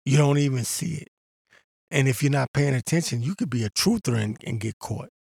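A man's voice: mid-range voice, a little fast, creaky, a little mellow, no echo, studio quality. A man hosting a podcast, talking in a ranting, combative way and mocking others in put-on voices. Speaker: podcast host. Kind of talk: casual monologue.

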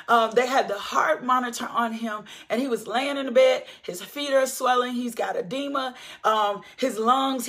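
A woman in her forties preaches a heartfelt testimony in a high voice. She builds with repetition, calls out to her listeners and keeps returning to her point. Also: fairly bright tone. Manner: impassioned, repeats phrases, calls out to listeners. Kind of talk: sermon testimony.

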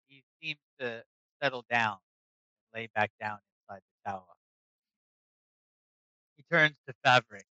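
A man narrating as game master in a tabletop game, describing scenes slowly and with detail. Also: mid-range voice, bright, forceful tone, dry recording, lo-fi sound. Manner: slow, descriptive storytelling.

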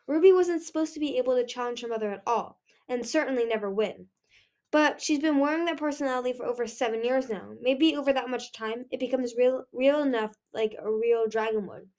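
A woman's voice: a little high, brisk, darkish tone, natural voice. A woman voicing a sly male dragon who speaks dryly. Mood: nervous. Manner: dry, explaining.

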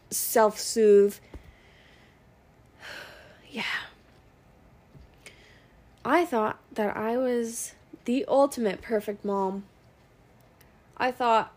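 A woman's voice: a little high, drawn-out words, pauses often. A young woman, a working mother, talking in a blunt, profane, venting monologue. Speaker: working mom podcaster. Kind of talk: casual monologue.

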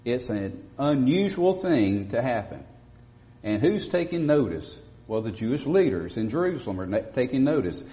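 Baptist-style pastor man preaching, mellow dark voice, long echo in the church, kinda muffled lo-fi audio. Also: mid-range voice, big pitch swings, normal speed. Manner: emphatic, rising to loud stresses. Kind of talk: sermon.

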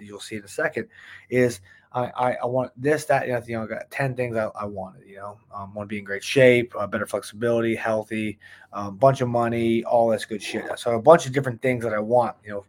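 A man giving a casual motivational monologue as a vlogger, blunt and profane, rambling and often tossing in "right?". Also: medium pitch. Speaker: self-improvement vlogger. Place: indoors at home by a whiteboard.

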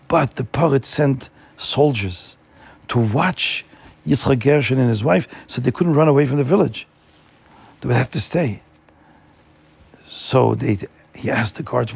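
A man telling a Jewish folk story in an animated way, repeating words for emphasis. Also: medium pitch, unhurried, gravelly, long pauses, breathy edge.

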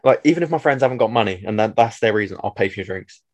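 A man's voice: fairly low pitch, expressive, very fast. A young man, bantering playfully as a podcast co-host. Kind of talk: casual chat.

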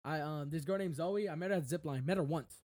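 A young man telling a story in casual chat, excitable, with lots of fillers. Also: a little high, fast, no room sound.

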